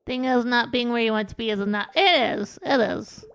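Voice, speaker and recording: Chatty woman streamer, fairly high voice. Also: normal speed, creaky, fairly bright tone. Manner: rambling and self-deprecating, with many restarts. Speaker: VTuber streamer. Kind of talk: casual stream chat while gaming. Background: faint background music.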